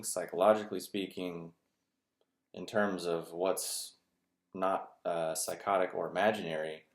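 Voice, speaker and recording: A man talking in a casual, rambling monologue with lots of fillers. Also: sits low. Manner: rambling, filler-heavy, conversational. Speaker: video host. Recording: echoey room.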